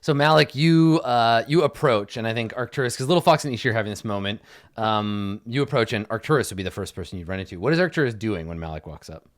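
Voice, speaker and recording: A man's voice: fairly low pitch, animated, fast. A man narrating as game master, casual and rambling, with fillers.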